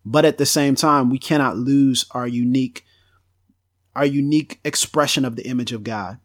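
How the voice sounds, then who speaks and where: A man co-hosting a podcast, talking about theology in a direct, candid and animated way. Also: medium pitch, normal speed, no echo, clean studio sound. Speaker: podcast co-host. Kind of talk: theological discussion.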